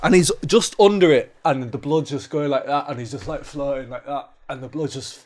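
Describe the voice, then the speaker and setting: A man telling a wild story as a podcast guest, animated and full of swearing and "like". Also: mid-range voice, normal speed. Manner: animated, swearing, acts out voices, lots of "like". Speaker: musician and ritual artist, podcast guest. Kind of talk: casual storytelling chat.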